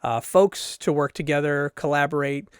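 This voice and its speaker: A man co-hosting a casual tech podcast with a fairly high voice. He rambles through fillers and restarts and laughs easily. The sound is dry and close, with no room in it. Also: moderate pace, clean tone, dry recording. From Boston area. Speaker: co-host.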